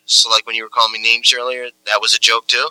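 A man's voice: mid-range voice, completely flat delivery, fast talker, sharp tone, no echo, rough recording. A man in an improvised comic argument, coaxing and lecturing another man.

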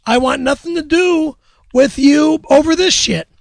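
A man who speaks in angry, stammering outbursts and shouts. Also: very high-pitched, a little slow, creaky, no room sound.

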